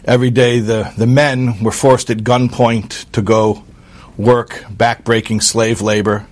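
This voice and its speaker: A man telling a true story aloud in an earnest, halting way, with fillers and restarts. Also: medium pitch, level tone. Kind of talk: spoken storytelling.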